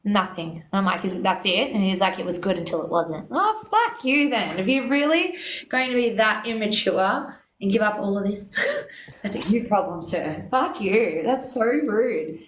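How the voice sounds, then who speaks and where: A woman telling a story in casual chat. She is animated, swears freely and acts out both sides of quoted talk. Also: medium pitch, normal speed. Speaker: guest. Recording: echoey room with faint noise.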